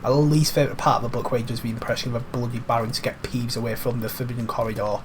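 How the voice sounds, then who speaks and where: This young man is a gaming commentator doing casual let's-play commentary while he plays a video game. His mid-range voice barely moves in pitch and comes out rapid-fire over a noisy background. He's chatty, swears freely and calls things "mate".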